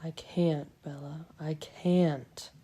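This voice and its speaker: A woman reading the part of a calm, teasing young male vampire husband in a quiet, even, lowered voice. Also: normal speed. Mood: anguished.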